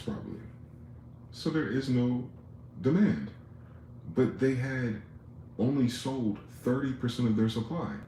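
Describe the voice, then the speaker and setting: A man's voice: medium pitch, mellow, slight background noise. A man giving a heated, profane, sarcastic rant about politics and money as a commentary vlogger. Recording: roomy echo.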